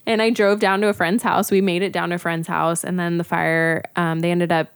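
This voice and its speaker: A woman's voice: lowish voice, level tone, a little fast, gravelly, clean tone. A young woman on a podcast, animatedly telling a personal story, acting out her own thoughts and saying "like" a lot. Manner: says "like" often, laughs between lines. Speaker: podcast guest. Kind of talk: casual chat.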